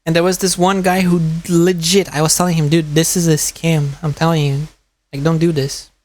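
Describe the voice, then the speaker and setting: A man's voice: a little high, flat delivery, moderate pace. Chatty man telling stories. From Brazil. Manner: chatty storytelling, laughs often, swears. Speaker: streamer reacting to a video. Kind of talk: casual chat.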